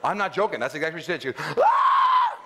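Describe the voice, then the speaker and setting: A middle-aged man giving an animated storytelling talk at a faith event, acting out scenes with loud outbursts. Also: fairly high pitch, very fast, very noisy. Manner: animated, acts out scenes with loud shouts and laughs.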